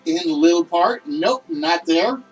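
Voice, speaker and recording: A man hosting a livestreamed list game show, talking loudly and excitably and chatting with his viewers. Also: a little high, slow pace, slightly rough, recorded from a distance, soft background music, low-quality recording.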